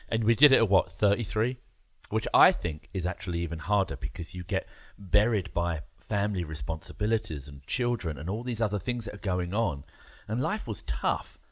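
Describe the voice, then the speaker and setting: A man's voice: lowish voice, lively intonation, normal speed, dry recording. A man hosting a podcast interview, asking rambling, enthusiastic questions. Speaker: podcast host. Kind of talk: casual interview chat.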